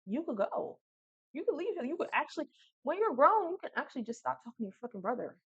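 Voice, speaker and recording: A woman's voice: high-pitched, very animated, quick pace, a bit bright, no room sound, muffled recording. A woman giving a casual spoken reading, blunt and profane, talking frankly to the listener. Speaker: tarot reader.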